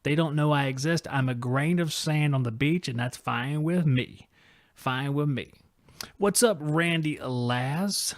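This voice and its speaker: A man's voice: on the high side, measured pace, no room sound. A man hosting a live podcast, chatting casually in a rambling, joking, self-deprecating way. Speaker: podcast host. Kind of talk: casual livestream chat.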